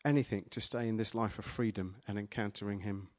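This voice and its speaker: A man preaching a sermon, retelling a vision in the first person, dramatic at first and then playful and energetic with volunteers in front of a live congregation. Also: fairly low pitch, brisk. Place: church gathering with a live audience.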